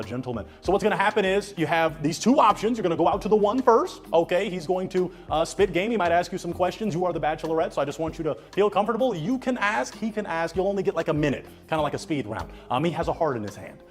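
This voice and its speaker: Brief: upbeat man hosting a dating show, lively swooping voice, a bit high. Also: fast talker, hardly any pauses, soft background music. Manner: animated, sing-song hype with playful asides. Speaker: host.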